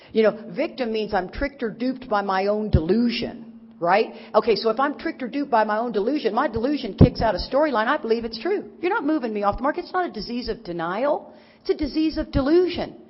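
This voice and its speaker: Middle-aged woman, raised in Texas, folksy recovery speaker; higher voice, muffled hall recording. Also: a little fast. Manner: animated and folksy, teasing the audience. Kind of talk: recovery talk to a crowd. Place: large conference hall. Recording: dull recording with long hall reverb.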